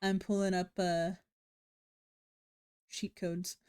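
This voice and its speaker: A woman's voice: lowish voice, level tone, slow, darkish tone, clean tone, no room sound, faint music behind. A woman streamer reading a game's story text aloud, giving the first-person lines a dramatic read and breaking off for wry asides and self-corrections. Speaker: game streamer.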